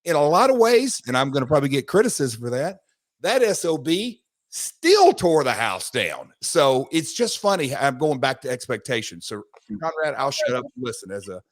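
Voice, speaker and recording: A man, co-hosting a podcast, telling animated stories and repeating himself as he goes. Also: mid-range voice, normal speed, dry recording. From United States. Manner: animated storytelling, rambling with restarts. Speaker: podcast co-host, former wrestler. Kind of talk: casual podcast chat.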